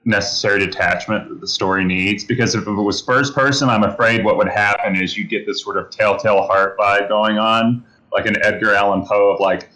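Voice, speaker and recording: Bright-voiced man musing in casual talk. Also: fairly low pitch, fairly even intonation, brisk, hardly any pauses, rough recording. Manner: thoughtful, rambling with many fillers. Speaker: podcast co-host. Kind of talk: casual discussion.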